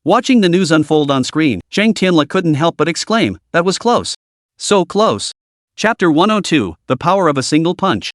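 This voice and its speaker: A man reading a comic recap story as scripted narration, in a lively storytelling delivery. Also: fairly high pitch, fairly quick, hardly any pauses, no echo, studio quality.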